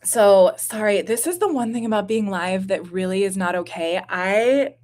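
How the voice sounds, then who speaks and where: A woman in her thirties chatting on a home live stream, her voice sitting at an ordinary middle pitch. She rambles through viewer questions with fillers and self-mocking asides. A slight stuffiness from postnasal drip colours her talk. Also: animated, moderate pace, a little mellow. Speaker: YouTube channel host.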